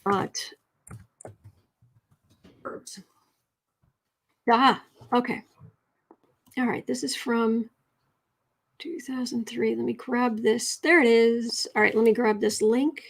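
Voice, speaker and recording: A woman with a slightly high voice hosts a casual writing livestream from her desk. She teaches in a chatty, unhurried way and thinks out loud as she goes. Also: fairly even intonation, vocal fry. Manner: chatty, reads chat messages aloud, thinks out loud.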